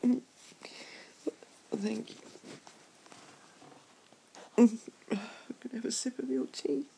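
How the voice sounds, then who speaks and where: A whispered role-play in a deeply gravelly, creaky voice. The delivery is drawn out at an unhurried crawl, soft and sleepy. A faint hiss sits underneath. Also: steady tone. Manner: soft, sleepy, affectionate murmuring. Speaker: ASMR role-play performer as an unwell partner.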